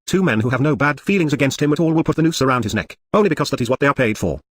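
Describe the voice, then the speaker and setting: A man reading the speech of a brooding, intense gentleman in a brisk, plain audiobook manner. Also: medium pitch, lively intonation, husky, no echo.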